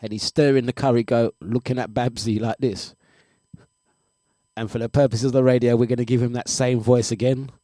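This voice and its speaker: A man hosting a breakfast radio show in casual live chat. He is animated, laughs often and repeats his phrases. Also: mid-range voice, brisk, dry recording, clean studio sound.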